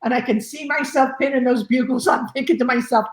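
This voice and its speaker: A woman's voice: high voice, brisk, slight background noise. Older woman telling stories, roomy sound. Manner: rambling, many "you know" fillers. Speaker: fire chief guest. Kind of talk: conversational storytelling. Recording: roomy echo.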